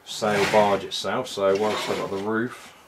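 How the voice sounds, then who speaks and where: Male hobbyist, lowish voice, relaxed halting show-and-tell, faint room hiss. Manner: unhurried, halting, many ums and restarts. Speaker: toy reviewer. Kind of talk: casual product walkthrough.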